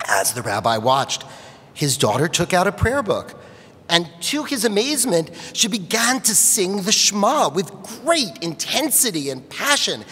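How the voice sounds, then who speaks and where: A man telling a story at a family worship service, expressive, in a large sanctuary. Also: high voice, a little slow, slightly rough. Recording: long reverb of a large sanctuary.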